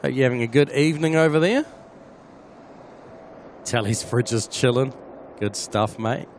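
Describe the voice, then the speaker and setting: A man's voice: medium pitch, normal speed, a little hiss or hum. A man with a New Zealand accent hosting a casual plane-spotting live stream, chatting and answering viewers by name.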